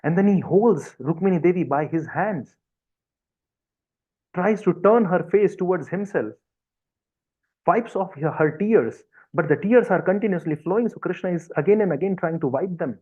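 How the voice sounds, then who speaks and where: A man's voice: high-pitched, animated, normal speed, warm tone, husky, dull audio. A man retelling a devotional story in an earnest, vivid, repetitive way over a video call.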